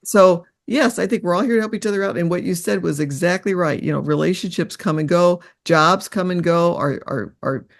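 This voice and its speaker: An older woman, a guest in an interview, telling personal stories in an earnest, reflective, halting way. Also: on the low side, gravelly.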